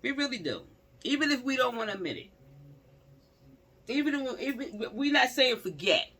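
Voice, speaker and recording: A woman's voice: high voice, normal speed. A woman giving blunt, slangy true-crime commentary straight to her viewers, repeating phrases for emphasis. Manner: talks straight to viewers, animated. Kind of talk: casual spoken commentary.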